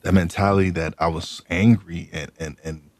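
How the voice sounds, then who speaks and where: A man hosting a podcast speaks in a very deep voice, and his words come out halting, with many repeated starts. The sound is dry and close, with no room around it. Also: fairly even intonation, dry recording. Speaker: podcast host. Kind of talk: casual interview chat.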